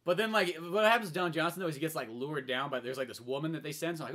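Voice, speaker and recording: A young podcast co-host tells a movie plot in an excitable, rambling rush, full of fillers. His voice is bright and his pitch swings widely. He talks at a racing clip. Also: quick pace, hardly any pauses. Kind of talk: casual chat, retelling a film plot.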